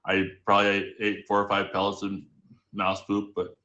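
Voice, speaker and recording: A man tells a story on a live stream, rambling and correcting himself as he goes. His voice is low, flat and bright-edged. The room around him is echoey. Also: normal speed, muffled recording. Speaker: storytelling guest. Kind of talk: casual told anecdote. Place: home streaming setup.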